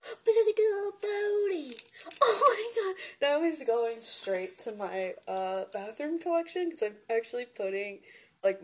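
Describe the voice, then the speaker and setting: A young woman unboxing gifts in a vlog, gushing and excitable, gasping and giggling as she talks. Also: a little high, slight background noise. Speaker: vlogger opening gifts.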